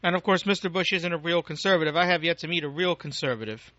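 A man's voice: fairly high pitch, fast, sharp tone, no echo. An American man giving an angry, profane, rambling political rant as a talk radio host, on a dull lo-fi recording. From United States.

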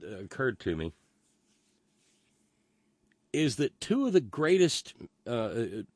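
A man's voice: medium pitch, sing-song, slow, darkish tone, no room sound. A man hosting a casual monologue, opinionated and rambling, with stammering restarts as he reacts to chat messages. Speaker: live stream host reading chat.

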